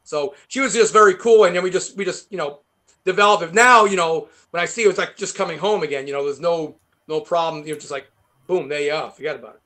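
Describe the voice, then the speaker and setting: A man with a heavy New York accent, a guest guitarist rambling through animated stories in a casual interview. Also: a little high, quick pace. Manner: rambling, animated storytelling with many fillers.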